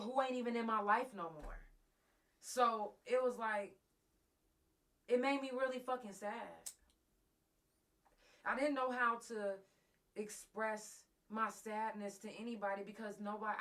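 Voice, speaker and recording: A woman's slightly high, sharp voice carries a live talk show as she tells a raw personal story straight to her listeners. She swears, gets emotional, and is close to tears.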